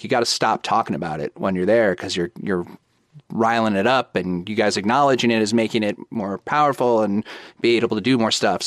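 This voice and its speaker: A man's voice: lowish voice, no room sound. A man in his thirties casually telling a personal ghost story, acting out the back-and-forth dialogue. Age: 30s. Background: background music.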